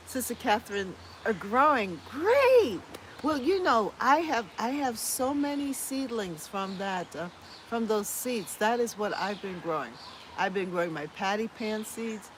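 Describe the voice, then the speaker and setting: With slight background noise, a US woman speaks in a mid-range voice while hosting a casual gardening stream. She reads out live chat comments and responds warmly with easy laughter.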